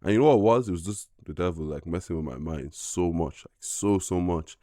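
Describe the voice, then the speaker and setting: Young guy on a podcast, really low voice, mellow, keeps saying like, earnest. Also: dry recording, clean studio sound. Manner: earnest, halting, full of fillers. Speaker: podcast guest. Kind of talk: casual personal testimony.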